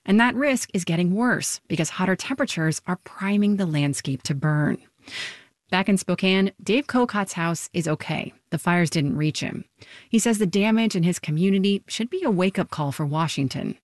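A woman radio reporter reading a scripted news report in a measured, even delivery. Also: on the low side, no echo, clean studio sound.

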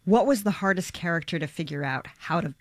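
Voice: medium pitch, brisk, dry recording. An interviewer asking curious questions in casual talk.

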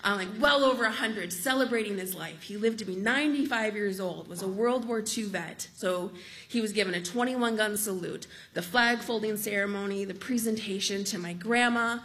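A woman telling a true story on stage in a lively, amused, conversational way. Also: mid-range voice, moderate pace.

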